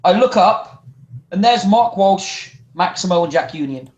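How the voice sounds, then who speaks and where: A man, a guest wrestler telling stories in a casual interview. He talks in an animated way, restarts his sentences often and acts out other people's voices. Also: sits high, unhurried, reverberant.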